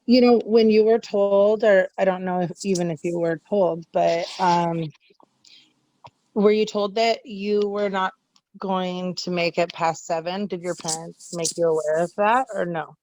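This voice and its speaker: A woman's voice: on the low side, fairly even intonation, a little slow, darkish tone, no echo, rough recording. A woman from the audience asking a question hesitantly, with many restarts.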